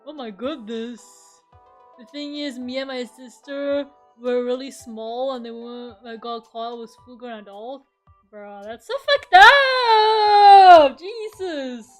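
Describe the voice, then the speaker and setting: Brief: young female streamer, casual and profane, laughs a lot, high voice. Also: unhurried, darkish tone, soft background music. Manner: swears freely, laughs often, rambling. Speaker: VTuber streamer. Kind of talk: casual chat during an art stream.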